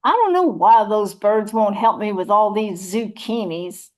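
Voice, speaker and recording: A woman's voice: mid-range voice, a little slow, lightly acted. A woman voicing a chatty, churchgoing rural mama, rambling in a folksy, motherly way. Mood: cheerful rambling. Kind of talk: one-woman audio play reading.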